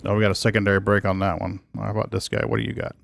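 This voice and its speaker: A man's voice: on the low side, little pitch movement, racing, creaky. A man streaming a space game, chatting casually as he plays and talks to his cats. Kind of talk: casual gameplay commentary.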